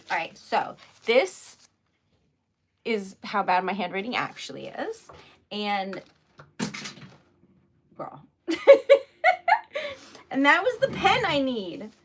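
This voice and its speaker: Giggly, slow-talking woman livestreaming crafts. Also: mid-range voice, big pitch swings, slight background noise. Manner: giggly, chatty, greets viewers warmly. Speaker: livestream host making wax seal stickers. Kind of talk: casual livestream chat.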